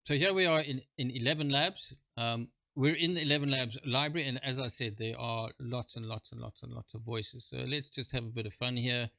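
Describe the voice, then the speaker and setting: A man presenting a screen-share software walkthrough, talking in a halting way with fillers and informal asides. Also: mid-range voice, steady tone, gravelly, no room sound. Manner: halting, full of fillers and restarts.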